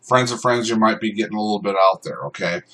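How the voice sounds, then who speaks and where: A man teaching self-defense law in an unscripted, informal way, often pausing on ums and uhs. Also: lowish voice, low-quality recording. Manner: informal, many ums and uhs, shouts out acted commands in examples. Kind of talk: unscripted explanatory talk.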